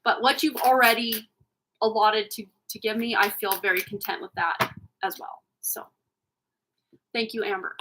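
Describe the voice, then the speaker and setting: A woman's voice: on the high side, moderate pace, pauses often, background noise. A middle-aged woman hosting a tarot livestream in casual, rambling chat, laughing at herself often. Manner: rambling, giggly, self-deprecating.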